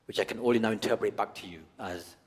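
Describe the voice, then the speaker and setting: A man from the UK doing a stand-up routine, animated, often breaking into high-pitched shouted rants. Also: fast talker, in a large hall, noisy background. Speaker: stand-up comedian.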